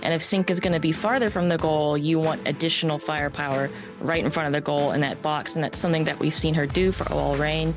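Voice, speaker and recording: A woman's voice: deep voice, fairly even intonation, quick pace, few pauses, over music. A woman soccer analyst giving confident, analytical takes with some joking. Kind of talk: studio sports talk.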